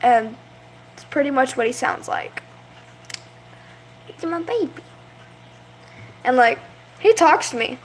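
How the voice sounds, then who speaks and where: A woman's voice: high voice, moderate pace, a little hiss or hum. A young woman chatting casually in a vlog, rambling about her pets and stopping to coo at them. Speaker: vlogger.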